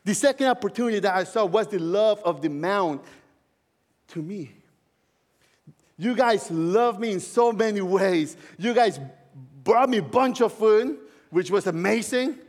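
A male pastor with a notably high voice gives a heartfelt sermon that works his own story in, with soft laughs here and there. His words ring through a long reverb from a large church hall. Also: measured pace. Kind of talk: sermon with personal testimony.

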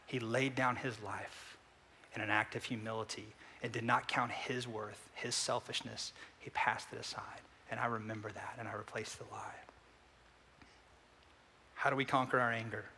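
Man preaching a sermon, bright hall voice. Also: steady tone, normal speed, gravelly, slight background noise. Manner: swings from loud emphatic refutations to soft low asides. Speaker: pastor. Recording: long hall reverb.

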